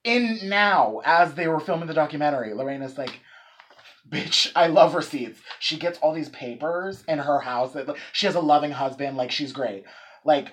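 A man co-hosting a podcast, retelling a story in casual chat, animated and swearing freely with lots of fillers. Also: fairly high pitch, normal speed. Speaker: podcast co-host.

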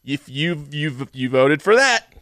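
A man co-hosting a podcast in loose, excitable, profane casual chat. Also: fairly high pitch, takes it slowly, dry recording, studio quality. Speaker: podcast co-host.

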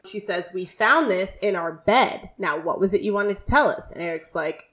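A young woman co-hosting a podcast, retelling a sitcom episode scene by scene in a casual, animated way. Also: mid-range voice. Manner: animated retelling, quick quoted dialogue. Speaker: podcast co-host. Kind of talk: casual recap chat.

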